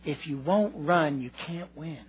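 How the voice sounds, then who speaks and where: A man voicing a calm, consoling young woman. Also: fairly high pitch, measured pace, highs cut off, a little hiss or hum, natural voice.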